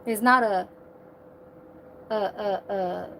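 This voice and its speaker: A woman's voice: mid-range voice, slow, gravelly, fairly bright tone, a little hiss or hum. A woman in her thirties, ranting in a heated, profane, repetitive way on a casual livestream. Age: 30s.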